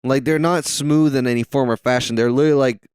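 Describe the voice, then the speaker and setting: A man's voice: mid-range voice, steady tone, fast talker, darkish tone, clear, resonant tone, dry recording, studio quality. Rambling, profane young Southern man. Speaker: podcast co-host. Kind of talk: casual movie-watching chat.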